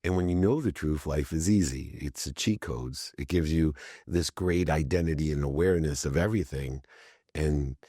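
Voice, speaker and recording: A middle-aged man, a podcast guest, telling lively stories in a casual interview and acting out the dialogue he quotes. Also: rumbling low, moderate pace, husky, dry recording, studio quality. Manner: lively storyteller who acts out quoted dialogue. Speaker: podcast guest, entrepreneur and speaker.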